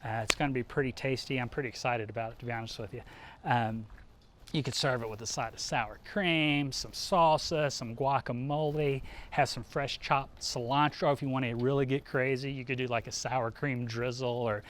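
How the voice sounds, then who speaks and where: A man's voice: mid-range voice, steady tone, normal speed. A man hosting a live cooking demonstration, talking casually and upbeat with plenty of fillers as he works.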